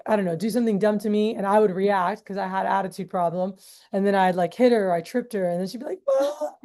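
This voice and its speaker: A woman in her thirties talks casually to a group, full of "um" and "like," and slips into little quoted voices as she tells stories. Her voice is mellow and warm at a middle pitch. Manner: chatty, heavy fillers like "um, uh" and "like"; acts out quoted voices in storytelling. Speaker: meeting leader.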